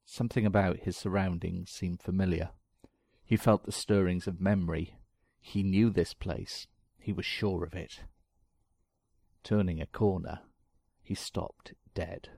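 Male narrator, very deep voice, gravelly, dry wry reading, close dead-sounding recording. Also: fairly even intonation, measured pace, warm tone, no room sound. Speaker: storyteller. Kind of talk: scripted narration.

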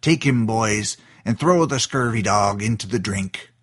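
A man voicing a gruff male space pirate captain who growls in old pirate talk. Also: fairly low pitch, animated, unhurried, fairly bright tone. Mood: menacing.

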